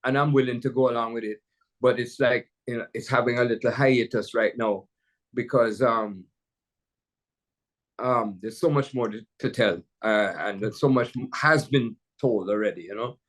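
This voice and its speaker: A man's voice: medium pitch, steady tone, moderate pace. Older jamaican guy, jazz pianist on a video call, rambling storyteller, lots of you knows. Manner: rambling, storytelling, many restarts and "you know"s. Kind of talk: casual conversation.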